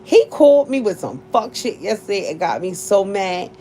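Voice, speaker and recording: A woman's voice: mid-range voice, very animated, moderate pace, dark tone, a little hiss or hum. A woman in her forties telling a casual story to her viewers, blunt and profane, laughing often as she talks. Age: 40s. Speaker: vlogger.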